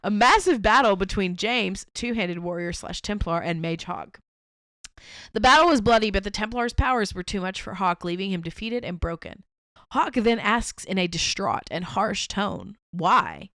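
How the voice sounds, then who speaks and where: A woman's voice: mid-range voice, moderate pace, fairly bright tone, no room sound. A woman co-hosting a podcast, reading a fan story aloud and often breaking into laughter. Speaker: podcast co-host.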